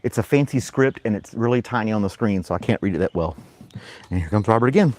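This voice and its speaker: A man hosting a casual morning live stream talks fast and animatedly, baby-talking to his dog in a high, loud, playful voice and catching his breath between bursts of play. There's slight background noise.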